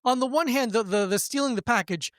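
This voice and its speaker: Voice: medium pitch, quick pace, fairly bright tone, no room sound, studio quality. A podcast host in casual chat, making joking asides and laughing often.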